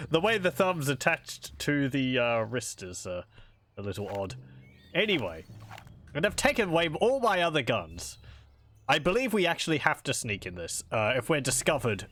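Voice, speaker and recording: A man's voice: mid-range voice, very animated, unhurried, long pauses, fairly bright tone. A man hosting a casual let's-play, chatting and rambling as he plays and often correcting himself. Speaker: gaming video host. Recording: faint game music behind.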